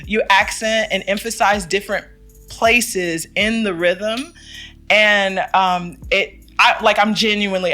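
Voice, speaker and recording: Woman, singing coach; bright, clear tone, upbeat and direct, faint music bed. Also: medium pitch. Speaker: vocal coach. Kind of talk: online singing lesson.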